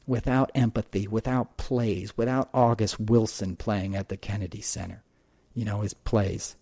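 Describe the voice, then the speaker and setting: A man's voice: fairly low pitch, steady tone, moderate pace, dark tone, dry recording. A man hosting a podcast, telling stories and talking politics in an impassioned, emphatic way, swearing freely. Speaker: podcast host. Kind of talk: casual political monologue and storytelling.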